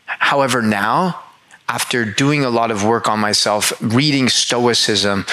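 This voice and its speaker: A man's voice: mid-range voice, a bit bright, low-quality recording. A man speaking directly to listeners in an earnest motivational monologue, heartfelt and emphatic, repeating words for emphasis and swearing casually.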